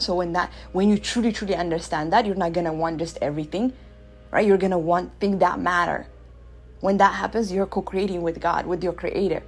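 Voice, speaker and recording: A woman in her thirties hosting a radio show, talking through a casual spiritual monologue with animated swings between loud bursts and soft asides. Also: lowish voice, husky. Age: 30s.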